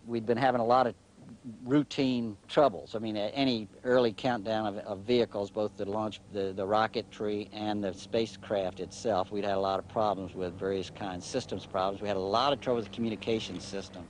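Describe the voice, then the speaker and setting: An older man, a former flight controller, recounting events in a halting documentary interview that often trails off quietly. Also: on the low side, fairly even intonation, a little hiss or hum.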